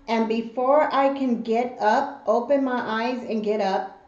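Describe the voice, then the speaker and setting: Animated woman storyteller, slow and roomy. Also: fairly high pitch. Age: adult mother. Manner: animated storyteller who acts out the voices in her story. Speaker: mukbang host. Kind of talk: storytelling while eating. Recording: roomy, slightly dull home recording.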